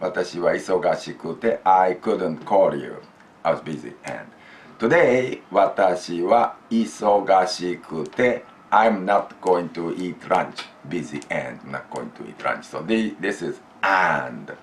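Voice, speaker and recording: Slow, lively male teacher. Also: sits low, a little hiss or hum. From Japan. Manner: slow, deliberate explaining, prompts students to repeat. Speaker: language teacher. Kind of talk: classroom grammar lesson.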